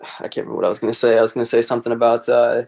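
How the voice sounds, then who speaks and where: A man from Texas, a racer being interviewed, speaking in a hesitant, low-key way full of fillers. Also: completely flat delivery, racing, gravelly, a little mellow. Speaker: motorcycle racer, guest. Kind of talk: casual podcast interview.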